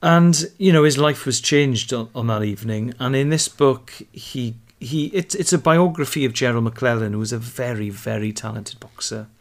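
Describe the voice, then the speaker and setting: Welsh man, playful podcast banter. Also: mid-range voice. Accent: Welsh, Carmarthen. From Wales. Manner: enthusiastic, playful, quick to laugh. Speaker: co-host. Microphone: video call.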